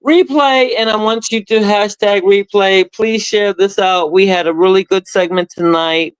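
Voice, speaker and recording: A woman hosting a podcast in casual chat, talking in animated, playful bursts. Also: medium pitch, moderate pace, clean tone, no echo, low-quality recording. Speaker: podcast host.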